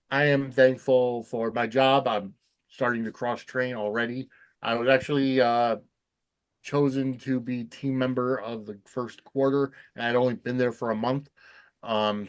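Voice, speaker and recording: Casual male podcast co-host, halting. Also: mid-range voice, fairly bright tone. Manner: hesitant, many "um" fillers. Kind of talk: casual chat.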